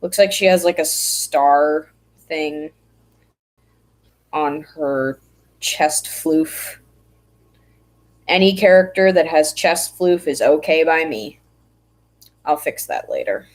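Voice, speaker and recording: A woman's voice: low voice, takes it slowly, pauses often, low-quality recording. A woman from the United States chatting casually on a livestream while she draws, rambling and poking fun at herself. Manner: chatty, rambling, self-mocking. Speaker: streamer.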